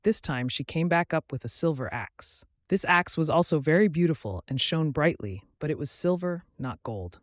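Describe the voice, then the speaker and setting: A man hosting his channel, narrating a children's story clearly and expressively for English learners. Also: on the high side, expressive, normal speed, few pauses, no echo, clean studio sound.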